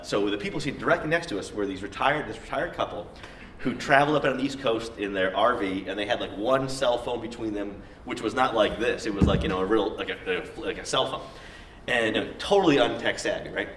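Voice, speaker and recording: A man on a discussion panel, telling a lively story in casual conversation. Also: on the low side. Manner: animated storyteller, quick and lively. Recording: echoey room, distant mic, faint noise.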